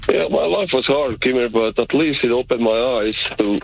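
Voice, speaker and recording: A man's voice: mid-range voice, normal speed, vocal fry, breathy edge. Male caller from the former Yugoslavia, earnest, muffled phone sound. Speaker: radio caller. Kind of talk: call-in phone chat.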